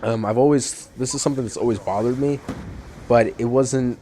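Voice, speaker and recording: A teenage boy talks over his gameplay in a loose, rambling way, stumbling through fillers and restarts. His voice is mellow and unhurried, with a faint hiss of noise behind it. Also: mid-range voice. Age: teens. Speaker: channel host. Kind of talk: gameplay commentary.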